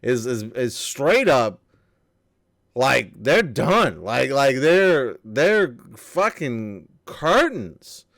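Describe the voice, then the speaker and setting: A man's voice: medium pitch, sing-song, extremely slow, gravelly, fairly bright tone, no room sound, clean studio sound. A man co-hosting a casual gaming news chat, rambling and profane, often restarting his sentences and joking at his own expense. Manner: rambling, profane, self-deprecating, many restarts. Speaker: podcast co-host.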